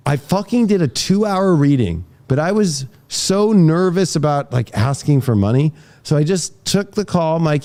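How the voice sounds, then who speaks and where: A man's voice: fairly high pitch, animated, normal speed, dark tone. A man hosting a casual podcast conversation, telling rambling stories with plenty of swearing. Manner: profane, rambling storytelling. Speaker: tarot reader and podcast host.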